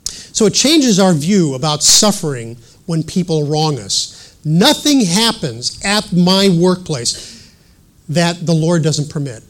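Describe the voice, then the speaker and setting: A man's voice: on the high side, sing-song, slow. A middle-aged man preaching a sermon in an earnest teaching manner, reading scripture aloud and adding self-deprecating asides.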